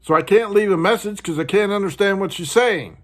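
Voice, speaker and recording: Male vlog host, high-pitched, frustrated casual rant straight to camera. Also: fairly quick, fairly bright tone. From United States. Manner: frustrated, ranting, mimics others in a higher voice.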